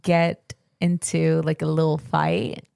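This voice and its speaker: A woman's voice: low-pitched, big pitch swings, slow, gravelly, mellow, smooth, no echo, clean studio sound. A woman co-hosting a podcast, telling a story in casual chat, with many fillers and acted-out quotes. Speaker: podcast co-host.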